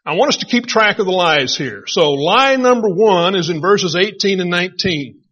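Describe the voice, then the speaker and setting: A middle-aged man preaching a sermon, retelling a story in a conversational, animated way. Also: high voice, moderate pace, breathy edge. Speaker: pastor. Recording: dull lo-fi recording.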